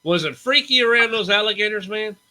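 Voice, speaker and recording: Very bright-voiced chatty man hosting. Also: high voice, a little fast, poor audio. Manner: chatty, easily flustered, reads viewer questions. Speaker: interview host. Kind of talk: casual live-stream interview.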